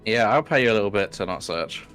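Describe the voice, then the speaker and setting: A man playing a casual online board game, making halting offers to the other players. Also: lowish voice, expressive, fairly bright tone, faint music behind.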